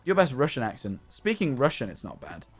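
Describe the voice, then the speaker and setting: A man's voice: medium pitch, huge pitch swings, fairly quick, faint music behind. A man live streaming while he plays a game, talking in a rambling, chatty way with many restarts and fillers. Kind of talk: casual chat while playing a game.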